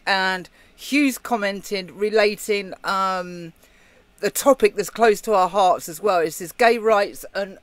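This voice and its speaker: Co-hosting a live show, this British man from Britain keeps things chatty, reading viewer comments aloud in casual conversation. His high-pitched voice is a bit bright, recorded with no room sound.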